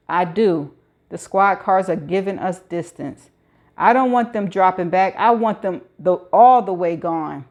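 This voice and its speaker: A woman's voice: lowish voice, lively intonation, unhurried, a little mellow. Woman reading a novel aloud. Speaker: audiobook reader. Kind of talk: first-person novel narration.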